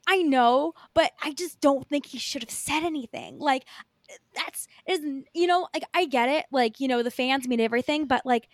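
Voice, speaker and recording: Rambling young woman, high voice. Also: normal speed, no room sound, clean studio sound. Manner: rambling, filler-heavy, swears casually. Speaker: podcast co-host. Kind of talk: casual chat.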